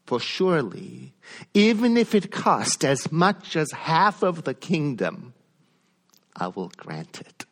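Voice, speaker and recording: A man voicing a solemn ancient king who grants a favour, speaking low and softly. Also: very animated, slow pace, creaky, exaggerated voice. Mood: gracious.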